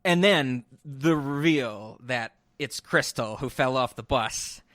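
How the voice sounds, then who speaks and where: A man's voice: medium pitch, slow pace, fairly bright tone, no echo. A man co-hosting a podcast in casual chat, chatty and laughing often. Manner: chatty, laughs a lot, many fillers and restarts. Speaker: podcast co-host.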